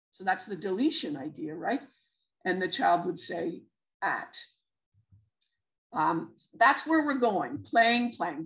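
A woman's voice: mid-range voice, rough recording. Canadian woman presenting a webinar. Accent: Canadian English. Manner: explanatory, many fillers and restarts. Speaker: literacy educator presenting a webinar.

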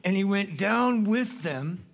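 A man preaching a sermon as pastor of a church, animated and joking, with sudden loud bursts. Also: high-pitched, slow pace, gravelly. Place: church sanctuary.

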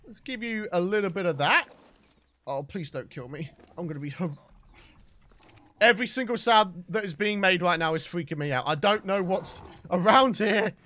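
A man commentating his own gameplay, shouting and exclaiming, teasing his in-game pets, his voice getting worn. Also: high voice, animated, normal speed. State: losing his voice. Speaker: gaming channel host. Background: game background music.

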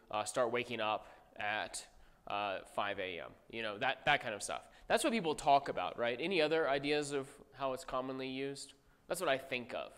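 Brief: male Bible teacher, mid-pitched, chatty and repetitive, recorded in a reverberant classroom. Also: fairly bright tone, clear, resonant tone. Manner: conversational, repeats points, asks class questions. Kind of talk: classroom theology lecture.

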